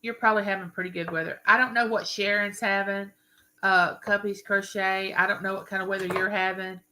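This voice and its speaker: Older woman, live-stream host, bright, rambling and chatty. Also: mid-range voice, little pitch movement, brisk, slight background noise, poor audio. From Mississippi. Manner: friendly, greets viewers by name, rambling.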